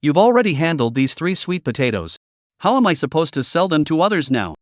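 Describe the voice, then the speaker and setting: A man's voice: fairly high pitch, sing-song, fairly quick, dry recording, studio quality. A man voicing a greedy middle-aged male street vendor who haggles in a pushy, indignant way.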